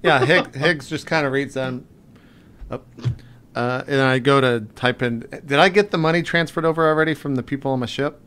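A man's voice: mid-range voice, moderate pace, fairly bright tone, clear, resonant tone. A man chatting loosely as a player in a tabletop game on a video call, laughing often. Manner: loose, laughing, stumbling restarts. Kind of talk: casual role-play chat. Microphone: webcam mic on a video call.

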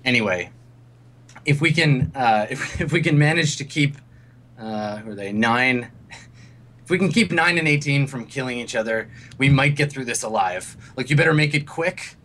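A man's voice: medium pitch, moderate pace, a bit bright. A man narrating as game master of a tabletop role-play, describing scenes in a rambling way with many fillers.

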